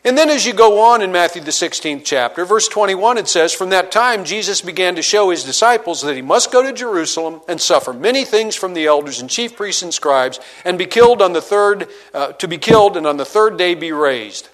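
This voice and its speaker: A man preaching a sermon, reading scripture aloud and retelling it in everyday words, dropping low and quiet to stress key points. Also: expressive, brisk, hardly any pauses. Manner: expository preaching, reads scripture aloud and paraphrases it conversationally; dynamic delivery, drops low and quiet for emphasis. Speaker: pastor.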